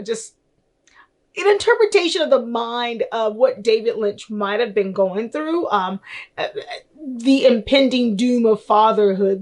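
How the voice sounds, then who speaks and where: A young woman chatting loosely through a film review, rambling with lots of fillers and giggles. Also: on the high side. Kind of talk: casual film review chat.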